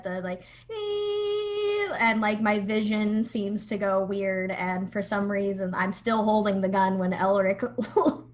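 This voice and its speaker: A woman playing a tabletop horror game, describing her character's actions hesitantly with many fillers. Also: mid-range voice. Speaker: player.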